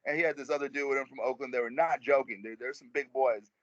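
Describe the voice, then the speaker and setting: A man's voice: mid-range voice, fairly even intonation, quick pace, no echo, muffled recording. A man, a rapper guest, telling a rambling, slangy story in a casual interview over a video call.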